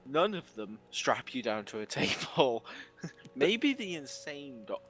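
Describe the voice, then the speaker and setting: A man's voice: medium pitch, sing-song, slow, fairly bright tone, breathy edge. A young man co-hosting a casual podcast chat, rambling and laughing often as he blurts out whatever comes to mind. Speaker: podcast co-host.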